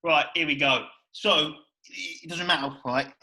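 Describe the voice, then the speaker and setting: Brief: male podcast host, high bright voice, fired-up and profane in loose chat. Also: a little slow, low-quality recording. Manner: excitable, swears a lot, repeats "you know what I mean". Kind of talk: casual chat.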